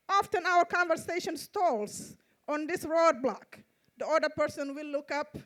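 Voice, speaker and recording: Mauritanian lady w a high voice doing spoken word on a festival stage, slow steady repeating lines. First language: Fulani. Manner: measured, repetitive rhythmic delivery. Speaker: poet and event host. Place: outdoor arts festival stage.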